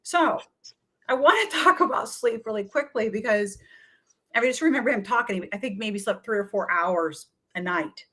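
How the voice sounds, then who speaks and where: A middle-aged woman, a wellness coach, telling lively stories in an interview and acting out what people said to her. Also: a little high, moderate pace. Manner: energetic, chatty, often acts out quoted voices. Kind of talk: animated storytelling in a talk-show interview.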